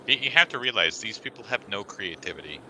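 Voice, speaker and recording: A man's voice: on the low side, very animated, quick pace, pushed and bright, a little hiss or hum, low-quality recording. A man co-hosting a casual podcast chat, making dry, sarcastic remarks. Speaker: podcast co-host.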